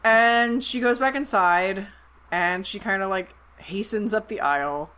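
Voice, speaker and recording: A woman co-hosting a podcast, recapping a movie in casual chat and acting out the characters' lines in quick voices. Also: mid-range voice, clean tone. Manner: animated retelling, acts out quotes in quick voices. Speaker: podcast co-host.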